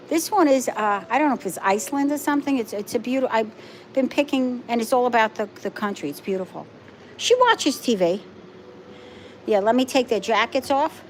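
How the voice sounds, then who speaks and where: Here the same middle-aged woman sounds high-pitched, with slight background noise, as she chats casually on a home live stream. A vlogger and pet rescuer, she rambles and coos to her dogs while indoors with her animals.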